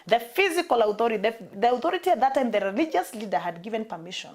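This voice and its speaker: A woman's voice: on the high side, expressive, very fast, darkish tone. A woman with a Kenyan accent preaching a sermon, emphatic and repeating her key phrases for weight.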